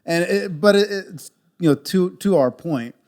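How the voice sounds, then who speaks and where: A man's voice: high-pitched, a little slow, a little mellow. A man in his thirties in casual podcast conversation, easygoing and laughing along often. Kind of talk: casual chat.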